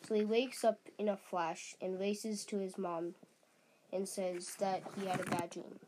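A woman reads a story aloud in a slow, halting way, stumbling over words and restarting them. Her pitch sits in the middle, and her pace is unhurried. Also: flat delivery, very noisy.

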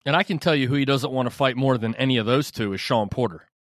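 A man co-hosting a boxing podcast, laying out his view calmly in casual chat, with many fillers. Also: medium pitch, quick pace. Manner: relaxed, reasoned, lots of fillers. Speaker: podcast co-host.

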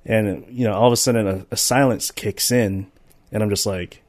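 A man's voice: fairly low pitch, steady tone, moderate pace, darkish tone, dry recording, studio quality. A man co-hosting a podcast, telling loose, profane stories in a casual chat. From United States. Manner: loose, profane storytelling with laughs. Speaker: podcast co-host.

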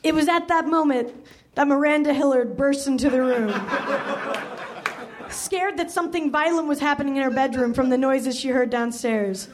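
High-voiced woman reading comic fiction aloud. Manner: reading aloud with self-aware asides. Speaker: comedy reader. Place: live comedy theater.

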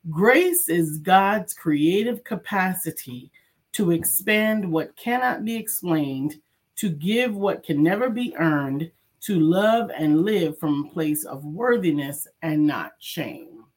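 A woman co-hosts a casual morning talk show in a somewhat low voice. She greets listeners by name and reads their messages aloud at length. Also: lively intonation, slow, husky. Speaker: co-host.

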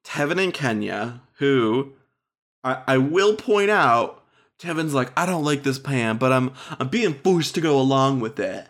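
A man co-hosting a podcast, chatting casually in a sarcastic, swearing way. His pitch swings widely from line to line, animated and expressive. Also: a little slow. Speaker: podcast co-host. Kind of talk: casual recap chat.

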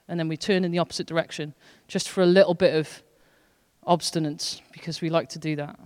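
A woman's voice: lowish voice, fairly even intonation, fast talker, a little mellow. Earnest woman preaching in a reverberant hall. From Wales. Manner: earnest, conversational preaching with shifting intensity. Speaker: associate pastor. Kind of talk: sermon. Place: church hall. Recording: long church hall reverb.

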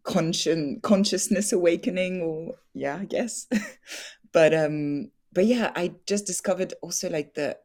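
Low-voiced woman, chatty and laughing. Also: unhurried, darkish tone. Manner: chatty, laughs often, many fillers and restarts. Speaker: actress, interview guest. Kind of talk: candid interview conversation.

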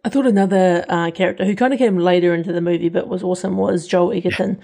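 A woman co-hosting a casual film chat in a lowish, mellow voice. She thinks aloud, with many fillers along the way. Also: steady tone, quick pace, vocal fry. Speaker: film podcast co-host.

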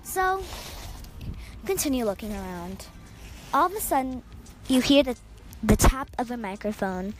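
A woman's voice: a little high, expressive, moderate pace, pauses often, over music. Breezy woman reading a casual fan story. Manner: rambling, self-correcting, breezy.

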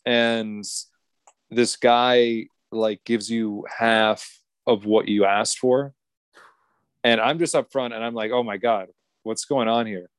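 A man's voice: medium pitch, steady tone, takes it slowly, clear, resonant tone, no room sound. A man in his twenties telling a rambling story in a casual podcast chat, swearing and laughing often. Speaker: podcast co-host.

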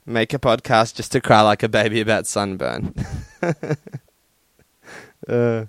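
Crude, profane young podcaster. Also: male voice, fairly low pitch, dry recording. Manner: crude, profane and laughing, with lots of fillers. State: sunburnt and hot. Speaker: podcast host. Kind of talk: casual solo podcast rant. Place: his room at home.

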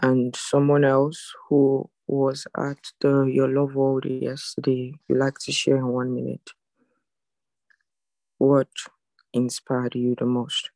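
A woman hosts an online church devotion over a video call. Her voice is low-key and level, with a gravelly edge and very dry, close sound. She is formal, calling each person esteemed. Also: monotone, slow pace, warm tone, dry recording, poor audio. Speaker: prayer meeting moderator.

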